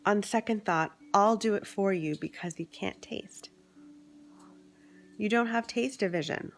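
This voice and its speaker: A woman from Canada chatting at home at night for her vlog, drifting between soft whispers and bright exclamations. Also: medium pitch, unhurried. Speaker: vlogger. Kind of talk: casual chat.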